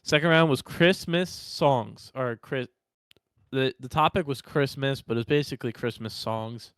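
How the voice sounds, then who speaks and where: A man's voice: mid-range voice, unhurried, a bit bright, clean tone, no echo. Laid-back, swearing young man. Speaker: podcast co-host. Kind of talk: casual chat.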